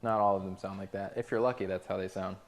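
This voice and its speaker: A man's voice: low-pitched, fairly even intonation, fast talker, slight background noise. A man cooking on a livestream who talks to his chat and tells exasperated, profane stories about difficult restaurant customers. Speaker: restaurant cook streaming to chat. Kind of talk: casual livestream rant while cooking.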